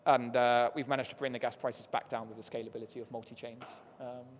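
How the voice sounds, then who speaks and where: A man speaking on a conference panel, explaining with lots of filler words, his voice going hoarse as he keeps clearing his throat. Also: medium pitch, little pitch movement, fast, slight background noise. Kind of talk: panel discussion. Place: conference stage. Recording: echoey conference hall.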